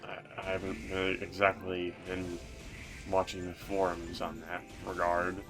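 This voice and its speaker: A man's voice: sits low, completely flat delivery, moderate pace, over music. A young man co-hosting a video game let's play, joking around and rambling with many restarts. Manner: jokey, rambling with repeated restarts. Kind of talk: casual gameplay chat.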